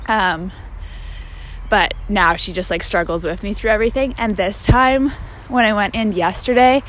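A woman's voice: medium pitch, normal speed, a little hiss or hum. A young woman from Canada, rambling through a casual vlog update full of fillers and slangy asides. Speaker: vlogger. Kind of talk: casual chat.

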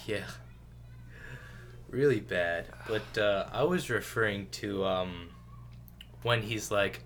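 Low-voiced laid-back man. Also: slow pace, long pauses, a bit bright, slight background noise. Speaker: podcast host. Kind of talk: casual chat.

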